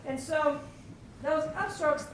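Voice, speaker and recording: High-voiced woman teaching drums in an echoey room. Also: slow, slight background noise. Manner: energetic, coaxing, asks the room questions. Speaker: percussion clinician. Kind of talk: teaching a live clinic. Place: school band room with students. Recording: echoey room from far off, with drumming.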